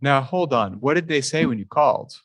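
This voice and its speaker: A male podcast co-host chatting casually, joking around and cutting in quickly. His voice sits in a middle pitch and the sound is dry. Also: expressive, no room sound.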